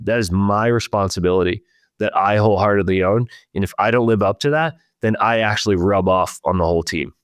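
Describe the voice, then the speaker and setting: A man's voice: lowish voice, clear, resonant tone, no room sound, clean studio sound. A man hosting a leadership podcast, talking in an earnest, reflective way and speaking straight to his listeners. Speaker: podcast host.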